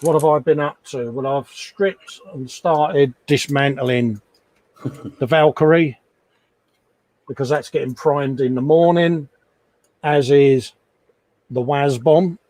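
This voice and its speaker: A middle-aged man talks casually into a desk microphone, self-mocking and chatty, at an ordinary middle pitch. The sound is very dry and close. He rambles on with a relaxed ease. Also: takes it slowly, long pauses, no room sound. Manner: chatty, self-mocking, frequent laughs and asides. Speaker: livestream host. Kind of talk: casual live chat while hobby modelling. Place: home hobby workshop.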